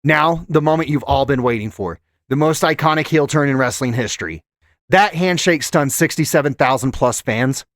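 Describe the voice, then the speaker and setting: A man's voice: medium pitch, moderate pace, no echo. A man hosting his channel, giving a scripted countdown narration with a dramatic storytelling delivery. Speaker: channel host.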